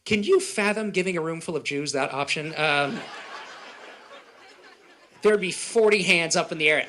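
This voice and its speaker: A man from Israel performing a stand-up comedy set at a live event, with punchy delivery and quick put-on voices. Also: fairly high pitch, bright, forceful tone. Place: event hall with live audience.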